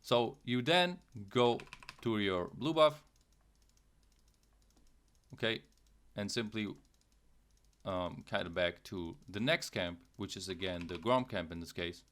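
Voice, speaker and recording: Man, young adult, somewhat low pitch, casual game tutorial host, repetitive, playful sound effects. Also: animated, slow pace, pauses often, a bit bright. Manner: casual, repetitive, checks in with "okay" and "guys". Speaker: gaming channel host.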